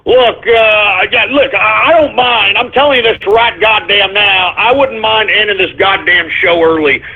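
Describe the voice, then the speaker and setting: A man hosting a call-in radio show, ranting angrily with profanity and sudden shouts. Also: high voice, a little slow, vocal fry. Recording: phone-like narrow sound.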